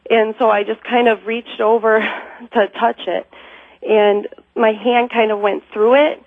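A woman's voice: fairly high pitch, level tone, a little slow, dry recording. A woman caller on a phone-in show, telling a personal story in a rambling way, full of fillers and nervous laughs. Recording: tinny phone line.

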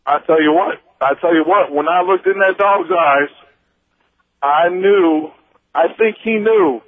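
A man from Missouri calling in to a radio show, telling a personal story in a halting way, with many fillers and restarts. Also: a little high, dry recording. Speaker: radio caller. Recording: tinny phone line.

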